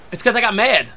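Guy yelling at his game, swears constantly, bright voice that jumps all over. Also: high voice. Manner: excitable, swears often, bursts into shouts; talks to himself and his teammates. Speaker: gaming video creator. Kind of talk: live gameplay commentary.

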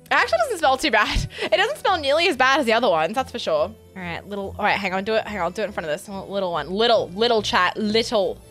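A young woman streaming a game while eating hot sauces, excitable, often squealing and laughing. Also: medium pitch, fast, hardly any pauses, soft background music. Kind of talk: gaming hot sauce challenge.

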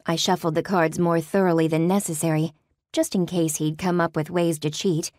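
Low-voiced woman reading an audiobook. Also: dry recording, clean studio sound. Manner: measured, even storytelling. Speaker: audiobook narrator. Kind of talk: first-person audiobook narration. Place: recording booth. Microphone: close studio mic.

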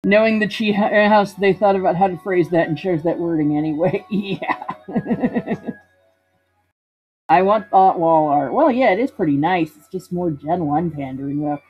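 Her voice sits fairly low and she keeps a measured pace. Casually commenting on the game she's streaming, she reads its text aloud and jokes around in a playful let's-play style, all on dull lo-fi audio with game music in the background.

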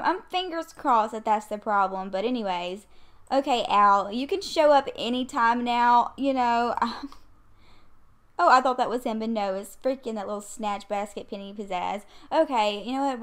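Woman gamer, slightly high voice, chatty, easily irritated, casual swearing. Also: clean tone. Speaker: gaming video creator. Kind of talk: casual gameplay commentary. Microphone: USB condenser desk mic.

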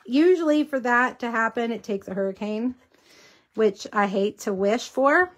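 A woman's voice: on the high side, normal speed. A woman hosting a casual craft tutorial livestream, chatting with viewers as she works, with a slight cough. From Texas. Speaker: host.

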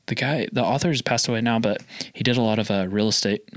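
A man's voice: lowish voice, fast, dry recording, studio quality. A man from Oklahoma, a store owner, telling stories in a casual interview, rambling and filling his talk with lots of "like". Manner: rambling, filler-heavy with lots of "like". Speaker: feed store owner, guest.

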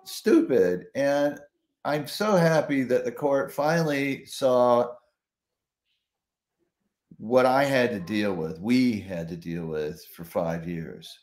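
A man's voice: medium pitch, slow pace. A man, a trial attorney, telling stories in a conversational interview, acting out what others said and laughing often. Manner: animated storyteller, acts out quotes, laughs often. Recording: roomy echo.

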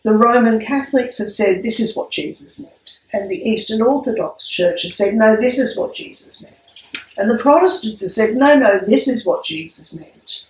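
A woman priest giving a sermon with a measured, storytelling delivery. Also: medium pitch, gravelly. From Australia. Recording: echoey room, mic at a distance.

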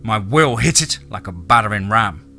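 Bright, measured male audiobook narrator. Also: on the low side, animated, faint music behind. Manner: measured, dramatic.

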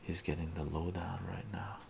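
A man reading a comic book aloud in a slow, lively manner, with quiet asides between the panels. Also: low-pitched, vocal fry, a little hiss or hum. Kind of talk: softly read comic narration.

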